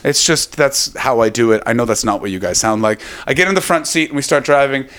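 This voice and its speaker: A man doing stand-up comedy, telling rambling stories and breaking into animated quoted voices. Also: mid-range voice, brisk. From Canada. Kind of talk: stand-up storytelling.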